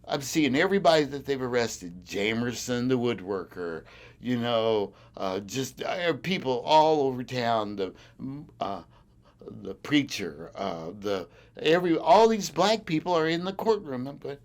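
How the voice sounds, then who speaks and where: A man's voice: mid-range voice, a little slow. A man with a mid-range voice tells his stories in an oral history interview. He acts out the voices of the people in them and chuckles often as he goes. He is recorded on a recorder sitting on a desk. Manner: animated storyteller who acts out quoted voices; chuckles often while telling. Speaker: farmer interviewee.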